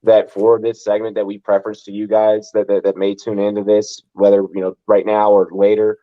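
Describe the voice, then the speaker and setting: A man's voice: lowish voice, monotone, fairly quick. Brash American man, podcast host; blunt, profane, on a muffled lo-fi mic. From United States. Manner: blunt, heavy swearing. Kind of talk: casual sports talk. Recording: dull lo-fi mic.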